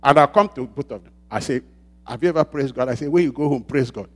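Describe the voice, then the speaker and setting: A man preaching a sermon, asking the congregation to finish his sentences and swinging between loud shouts and quiet asides. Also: medium pitch, quick pace. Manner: call-and-response preaching, asks the congregation to fill in words.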